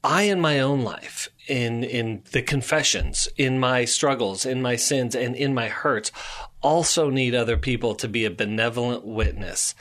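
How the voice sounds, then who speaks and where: A man speaking as a counselor in a casual talk, calm and reflective, with gentle pacing. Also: mid-range voice, a little slow. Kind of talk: casual chat.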